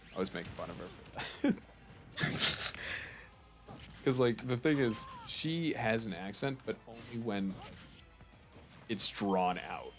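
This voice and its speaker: A man's voice: fairly low pitch, expressive, measured pace, pauses often, faint music behind. A man chatting casually and joking with a friend while they play a game. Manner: joking, loose, laughs often. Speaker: co-host. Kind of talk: casual chat while gaming.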